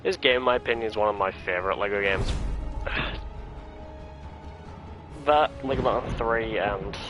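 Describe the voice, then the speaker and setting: A man's voice: lowish voice, moderate pace, a bit bright. A young man chatting casually while streaming a video game, rambling with lots of fillers. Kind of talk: casual gaming stream commentary. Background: game music.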